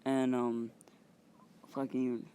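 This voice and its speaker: Male channel host, unhurried and rambling, filler-heavy improvised storytelling, faint hum behind. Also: mid-range voice, completely flat delivery, warm tone. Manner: halting and rambling, many fillers and mild swearing.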